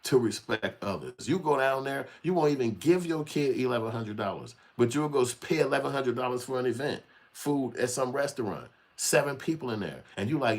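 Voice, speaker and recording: A man's voice: medium pitch, brisk. A man giving a blunt, heated commentary, cursing freely and acting out other people's voices. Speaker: channel host. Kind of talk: unscripted commentary rant.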